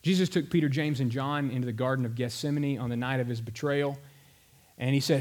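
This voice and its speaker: A man preaching a sermon in a conversational, animated storytelling manner. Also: mid-range voice, a little fast. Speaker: pastor.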